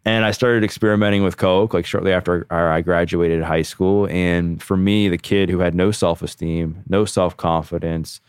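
A man in his thirties, a podcast guest, telling his own story candidly in a casual, animated way, full of "like". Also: low voice, moderate pace, hardly any pauses, smooth, no room sound, studio quality. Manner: candid, animated, heavy use of "like".

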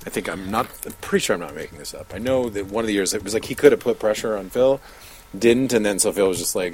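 A man's voice: fairly low pitch, fast, a little hiss or hum, poor audio. A man appearing as a podcast guest who talks casually and rambles, thinking aloud with many fillers and restarts. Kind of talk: casual chat.

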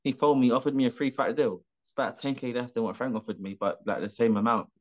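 Heard through dull, lo-fi video call audio, this professional boxer speaks quickly at a medium pitch in a steady tone. He's animated in the remote interview, rambling, swearing, and starting his sentences over.

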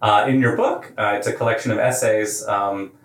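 A man hosting an interview podcast, talking in a relaxed way with many "uh" fillers. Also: lowish voice, normal speed, reverberant. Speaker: podcast host. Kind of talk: interview podcast with scripted intro.

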